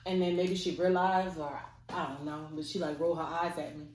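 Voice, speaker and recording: A woman's voice: low-pitched, fairly even intonation, brisk, darkish tone. A woman in her thirties casually telling a story, acting out quotes and laughing often. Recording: echoey room with faint noise.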